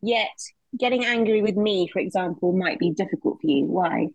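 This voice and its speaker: A woman's voice: on the low side, normal speed, creaky, breathy edge, no room sound, muffled recording. A woman co-hosting a podcast, supportive and asking probing questions. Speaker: podcast co-host. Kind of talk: casual podcast chat.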